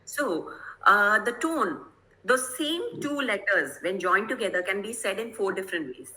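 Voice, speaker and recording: Bright-voiced woman giving an online lecture. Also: mid-range voice, animated, unhurried, slight background noise, poor audio. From Kerala, India. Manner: explanatory, checks in with listeners. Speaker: guest presenter.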